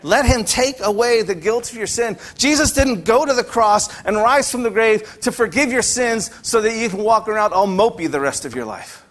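A man's voice: high-pitched, animated, moderate pace, few pauses. Emphatic male pastor preaching. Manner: emphatic, rhetorical questions, repetition. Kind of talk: sermon.

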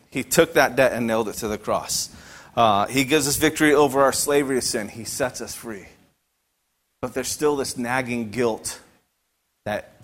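A man's voice: fairly high pitch, fairly bright tone. A male pastor preaching a sermon emphatically, firing off rhetorical questions and repeating phrases for emphasis.

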